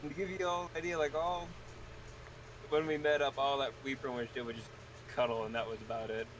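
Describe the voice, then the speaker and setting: A man's voice: mid-range voice, quick pace, background noise. Laid-back young man chatting. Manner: relaxed, brief interjections and asides. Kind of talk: casual chat.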